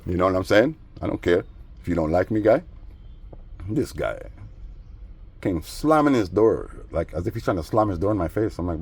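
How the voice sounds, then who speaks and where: Dude with a lowish voice rambling on about his neighbors, slangy, lots of "you know what i mean". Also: very animated, a little fast, slightly rough. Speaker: vlogger. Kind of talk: casual storytelling vlog.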